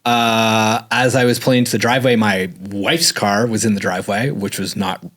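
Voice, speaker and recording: Chatty low-voiced man telling stories. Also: moderate pace. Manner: rambling, filler-heavy, says "like" often; animated when retelling dialogue. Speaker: guest. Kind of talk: casual storytelling interview.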